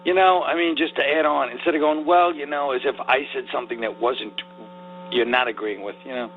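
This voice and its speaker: A man with a New York accent talks fast and needles his co-host on a comedy podcast. His pitch sits in the middle range. The audio is narrow and phone-like. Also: slight background noise. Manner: teasing, older-comic ribbing.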